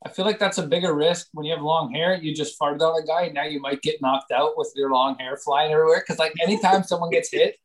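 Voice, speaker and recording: A man joking in a casual chat, quick banter. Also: on the high side, steady tone, low-quality recording.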